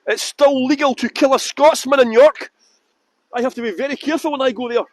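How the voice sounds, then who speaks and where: A Scottish man with a high voice leads a live walking tour outdoors beside a fountain. He chats casually with his audience and likes to make flippant jokes. His voice sounds dry and close to the mic. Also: fairly even intonation, brisk, no room sound. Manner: chatty, flippant joking. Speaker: tour guide. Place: outdoors by a fountain in a windy city square.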